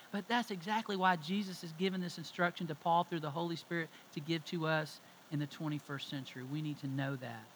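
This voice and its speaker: A man's voice: fairly high pitch, sharp tone, poor audio. A middle-aged man preaching a sermon, emphatic and conversational as he tells stories. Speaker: pastor.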